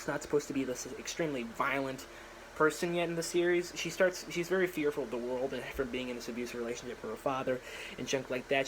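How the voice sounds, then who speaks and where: A man's voice: on the high side, a little hiss or hum, low-quality recording. Young man rambling through a story idea. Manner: rambling, many fillers and restarts, acts out characters' lines. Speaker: vlogger. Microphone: phone propped up.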